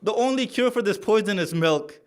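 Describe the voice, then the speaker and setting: A man reciting a mourning sermon, telling the story in a pleading, tearful way that climbs to a loud cry. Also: sits high, lively intonation, moderate pace. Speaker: speaker narrating a martyrdom account. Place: mosque hall.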